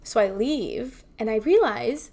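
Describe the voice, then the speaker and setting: A woman's voice: on the high side, unhurried. A woman co-hosting a podcast, telling stories casually and acting out the lines of others. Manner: animated storyteller, acts out quoted dialogue. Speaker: podcast co-host. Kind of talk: casual chat. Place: home, remote.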